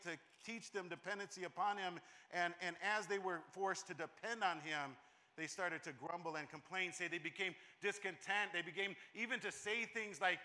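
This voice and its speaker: A man's voice: sits high, sharp tone. A man preaching a sermon as pastor, emphatic and repetitive, often restarting his phrases.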